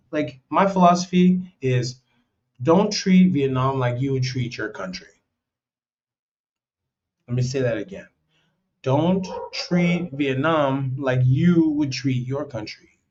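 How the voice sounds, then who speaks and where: A man's voice: medium pitch, a little hiss or hum. An American man hosting a casual advice monologue, talking loosely and bluntly with lots of "man" and "you know". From United States. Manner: acts out quoted voices, slangy and blunt. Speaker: host. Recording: dull lo-fi sound.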